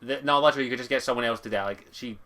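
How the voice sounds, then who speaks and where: A man's voice: mid-range voice, very fast, pushed and bright. A man with a Scottish accent, a guest in a casual podcast chat, talking bluntly and swearing freely.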